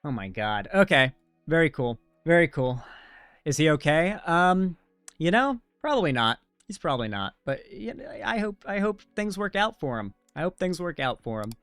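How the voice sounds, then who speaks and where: Man, commentary host, sarcastic and swearing, slightly high voice, dry close sound. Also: sing-song, moderate pace, a bit bright, clear, resonant tone, no room sound, faint music behind. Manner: profane, sarcastic, mocking. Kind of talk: reaction commentary.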